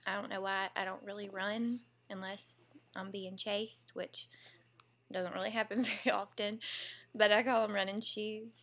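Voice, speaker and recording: Chatty Southern young mom. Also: female voice, medium pitch, little pitch movement, moderate pace, fairly bright tone. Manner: chatty and giggly, drawling asides. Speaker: mom vlogger, former teacher. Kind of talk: casual home vlog, reading a word list.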